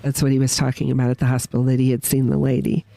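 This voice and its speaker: This woman's rumbling low voice is creaky and races along, with no echo. She's a guest witness on a winery podcast, telling a personal story with feeling and acting out people's quotes in an animated, emotional manner.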